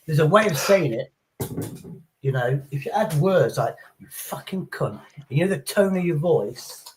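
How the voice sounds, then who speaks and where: A man's voice: a little high, expressive, moderate pace. A middle-aged man, chatting casually on a livestream as the host, blunt, sweary and rambling. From England. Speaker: streamer. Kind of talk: casual chat. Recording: faint background noise.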